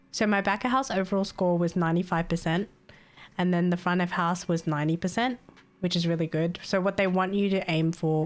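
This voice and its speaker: A young woman streaming live, chatting casually and telling stories in an animated, exasperated way. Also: fairly low pitch. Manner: chatty, animated storytelling with laughs and exasperated asides. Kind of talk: casual chat.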